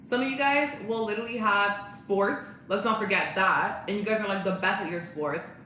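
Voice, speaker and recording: A woman's voice: mid-range voice, normal speed, sharp tone, slight background noise. Bubbly young woman live-streaming, echoey room. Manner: bubbly, chatty, laughs often. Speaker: livestreamer chatting with viewers. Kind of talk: casual live-stream chat.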